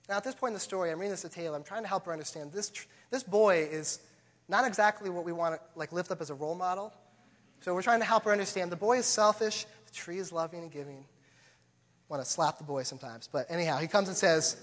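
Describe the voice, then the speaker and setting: An earnest male pastor in his thirties delivers a sermon. His voice sits high, and he moves between quiet, hushed lines and emphatic ones. A long hall reverb trails through the church sanctuary. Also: a little fast.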